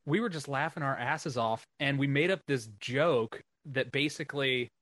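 A man hosts a loose podcast chat, rambling through a story with plenty of swearing and laughter. His voice is mid-pitched and recorded dry and close. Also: moderate pace, a bit bright, no echo. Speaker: podcast host. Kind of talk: casual chat.

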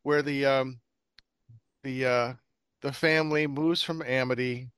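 A man's voice: medium pitch, fairly even intonation, measured pace, fairly bright tone, smooth, no room sound. A man hosting a casual podcast chat about bad movies, rambling with lots of fillers. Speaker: podcast host.

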